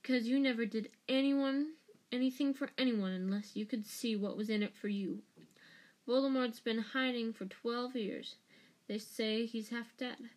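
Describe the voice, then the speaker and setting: A woman's voice: a little high, close to an everyday voice. A woman voicing a bitter, menacing escaped male prisoner who growls and hisses his words venomously. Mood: accusing.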